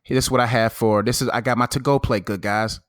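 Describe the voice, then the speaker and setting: A man co-hosting a podcast, telling animated stories in a preachy way. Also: mid-range voice, quick pace, no room sound, studio quality. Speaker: podcast co-host. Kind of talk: casual chat.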